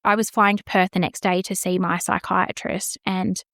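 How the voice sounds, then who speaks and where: A woman's voice: on the low side, flat delivery, moderate pace, creaky, a bit bright, no room sound, clean studio sound. A woman, hosting a podcast and frankly telling a personal story, swearing freely and acting out the exchanges she remembers. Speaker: podcast host.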